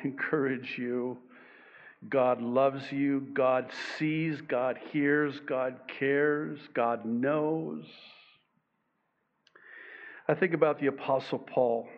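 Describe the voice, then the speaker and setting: A man preaching a sermon, slow and emphatic, with dramatic pauses on key phrases. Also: mid-range voice. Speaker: pastor. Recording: dull lo-fi recording.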